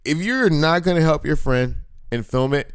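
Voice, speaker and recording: A man's voice: a little high, animated, normal speed, clean tone, no echo, studio quality. A middle-aged man co-hosting a podcast, making wry jokes in casual chat. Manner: wry, joking asides. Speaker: podcast co-host.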